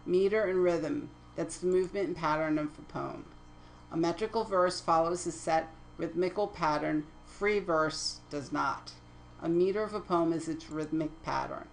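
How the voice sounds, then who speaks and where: A woman's voice: low voice, moderate pace, gravelly, a little hiss or hum, low-quality recording. A woman teaching poetry terms in a lecture over slides, reading definitions steadily and correcting her own slips. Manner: methodical, reads definitions aloud, self-corrects slips.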